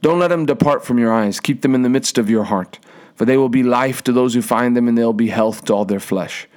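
A man's voice: mid-range voice, a little fast, a little mellow. Emphatic young male preacher. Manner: emphatic, repeats phrases, restarts words. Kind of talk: sermon with a personal story.

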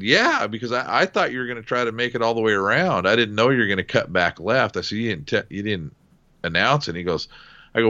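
A very low-voiced man with a bright, forceful edge tells a war story in relaxed, salty conversation. The sound is a little dull and lo-fi. He punches up the quoted shouts from his story. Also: quick pace. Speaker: military aviation veteran, former door gunner.

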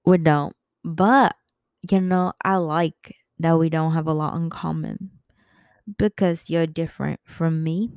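Young woman, solo podcast host, giggly and scatterbrained, unhurried delivery. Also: low-pitched, steady tone, darkish tone, clear, resonant tone, no room sound. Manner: giggly, rambling, loses her train of thought. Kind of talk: casual solo podcast chat.

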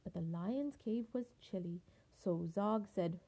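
Older woman reading a picture book, expressive and slow. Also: medium pitch, slightly rough. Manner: expressive, unhurried. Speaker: grandmother reading aloud. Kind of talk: picture book read-aloud.

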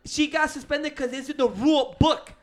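A man's voice: extremely high pitch, fairly even intonation, normal speed. A man in casual banter, ranting and profane, dropping in Spanish words.

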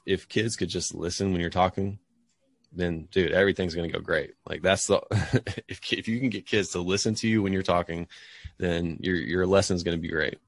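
A young man, a PE teacher and parent, answering interview questions in a relaxed, chatty way. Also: low voice, gravelly, dry recording. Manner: relaxed, chatty, says dude and like a lot.

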